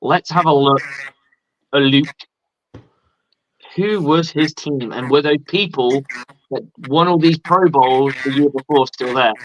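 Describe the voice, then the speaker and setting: A man hosting a casual sports talk show, excitable, swearing and restarting his sentences. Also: mid-range voice, measured pace, long pauses, slight background noise. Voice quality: excitable and profane, many restarts. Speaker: host. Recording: dry, dull lo-fi sound.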